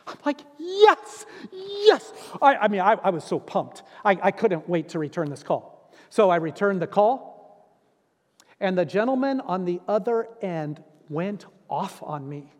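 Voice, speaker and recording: A man's voice: high voice, animated, moderate pace, darkish tone. A middle-aged man preaching a sermon as pastor, earnest and emphatic, repeating key phrases for weight. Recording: long reverb in a large hall.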